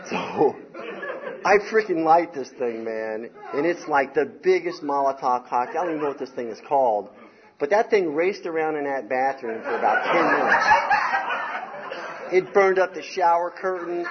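A man's voice: medium pitch, normal speed, a crowd in the background. Rambling storytelling man, slightly dull recording. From Southern US. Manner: rambling and animated, peppered with "man" and "you know". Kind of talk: casual personal storytelling.

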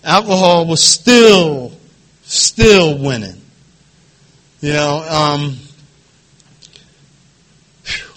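A middle-aged man from the Philadelphia area with a quivering voice, giving emotional personal testimony at a support group meeting, halting and repeating phrases. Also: a little high, expressive, fairly bright tone. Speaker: recovery meeting speaker.

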